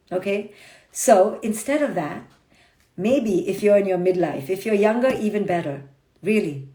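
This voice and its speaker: A woman psychologist giving a brisk, blunt motivational talk on a phone livestream, acting out people's inner voices as she goes. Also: on the high side, lively intonation, mellow. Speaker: clinical psychologist and author. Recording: roomy echo.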